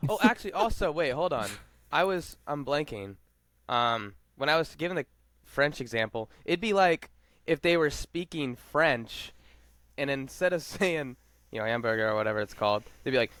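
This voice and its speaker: A man's voice: a little high, animated, normal speed, a bit bright, no room sound. A man co-hosting a podcast in casual chat, rambling with lots of fillers and laughing. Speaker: podcast co-host.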